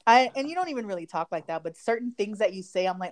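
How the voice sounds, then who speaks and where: A woman co-hosting a podcast in casual chat, talkative and quick to laugh. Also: medium pitch, expressive. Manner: chatty, laughs often. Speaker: podcast co-host.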